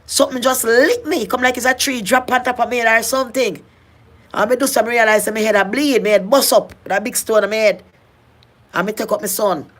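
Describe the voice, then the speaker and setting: A middle-aged woman with a strong Jamaican accent recounts her own past in a personal vlog. She speaks at an ordinary middle pitch in earnest, heavy patois. She circles back and restarts phrases as she goes. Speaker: vlogger telling her life story. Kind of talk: personal storytelling.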